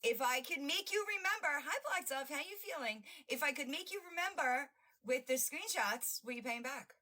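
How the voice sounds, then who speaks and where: A woman with a high-pitched, sharp, animated voice hosts a livestream at normal speed, giving casual reaction commentary on videos. She is brash, profane, mocking, and sarcastic, often breaking into laughter.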